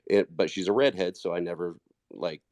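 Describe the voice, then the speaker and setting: A man's voice: low voice, normal speed, darkish tone, dry recording, muffled recording. A man co-hosting a casual podcast chat, blunt and swearing freely. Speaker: podcast co-host.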